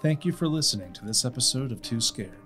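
A man who hosts a podcast, reading a scary story in a measured, deliberate storytelling manner. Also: mid-range voice, lively intonation, fairly bright tone, soft background music. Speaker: podcast host and narrator. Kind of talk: scripted horror story narration.

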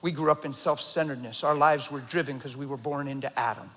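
A middle-aged man preaching a sermon, swinging between loud emphasis and a low, intense near-whisper. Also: steady tone, fast talker. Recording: long hall reverb.

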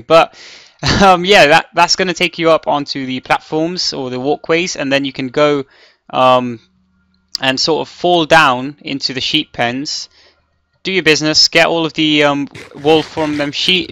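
A man's voice: a little high, bright, forceful tone, clear, resonant tone, no echo. A man giving casual gameplay commentary as he builds, rambling and thinking aloud with many ums and restarts. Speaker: Minecraft let's player.

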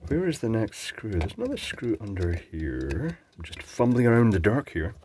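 A man's voice: lowish voice, very animated, moderate pace, a little mellow, a little hiss or hum. A man presenting an electronics teardown, musing and chatting as he thinks aloud while working. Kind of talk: casual talk-through while taking apart a device.

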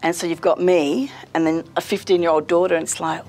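A middle-aged woman, a community radio presenter telling stories in a warm, chatty, lively interview manner. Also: fairly low pitch, brisk, hardly any pauses, slight background noise. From Australia. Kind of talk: casual interview storytelling.

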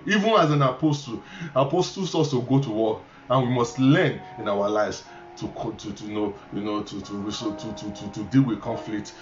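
A male pastor with a Nigerian English accent and a mid-range voice preaches a sermon in a church hall, emphatically repeating key phrases, stammering into restarts and adding chuckling asides. The recording is echoey and dull, with faint ambience.

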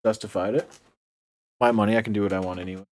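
A man's voice: lowish voice, fairly even intonation, fast, a little hiss or hum. Sarcastic rambling young man unboxing. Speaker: unboxing video host. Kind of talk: casual unboxing commentary.

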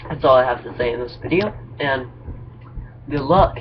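Speaking at a normal speed in a medium-pitched voice, a man casually vlogs jokes with a halting, meandering, self-mocking delivery. His recording is dull and lo-fi, and background noise comes through clearly.

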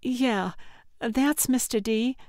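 A woman's voice: fairly high pitch, slow, a little mellow, no room sound, clean studio sound. A woman reading an anxious young art instructor.

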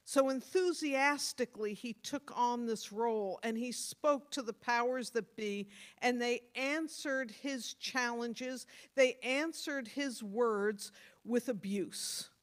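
A woman pastor giving a sermon, earnest and motherly, stressing points hard and then dropping to soft tones. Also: a little high, slow pace. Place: church.

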